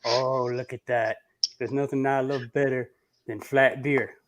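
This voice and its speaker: A man doing an impression of a laid-back southern male beer reviewer, with a slow drawl and a mock-serious tone. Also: mid-range voice, little pitch movement, natural voice.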